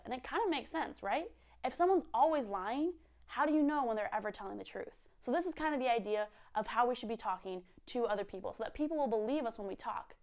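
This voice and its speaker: Bubbly young woman teaching a Bible lesson. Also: fairly high pitch. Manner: bubbly, giggly, chatty. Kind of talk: casual video lesson.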